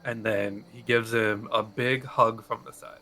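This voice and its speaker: A man's voice: on the low side, steady tone, unhurried, sharp tone, a little hiss or hum. A man playing a tabletop game who speaks in a light, playful way. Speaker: player. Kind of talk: casual tabletop game play.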